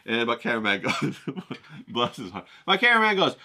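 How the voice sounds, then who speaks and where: A man spinning a crude, rambling comic story with brash profanity. His voice is very bright and sits on the higher side, swinging widely in pitch as he goes. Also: huge pitch swings, normal speed. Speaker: vlogger, painter.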